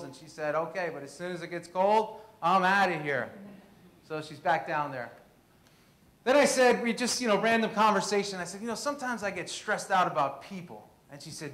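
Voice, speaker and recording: A man in his thirties from Queens, giving an animated storytelling presentation. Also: sits high. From Queens, New York. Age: 30s. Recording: echoey room.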